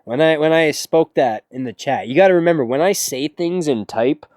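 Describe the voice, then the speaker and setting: A man's voice: a little high, normal speed, darkish tone, dry recording. A man chatting casually with his stream audience between song requests, with a laid-back, sarcastic and slangy way of talking. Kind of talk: casual livestream chat.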